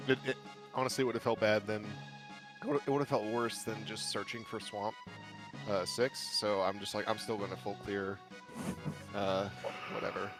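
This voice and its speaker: A man's voice: fairly low pitch, level tone, normal speed, pauses often, music in the background, rough recording. A man player chatting casually after a game race, rambling and laid-back. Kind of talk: casual post-game chat.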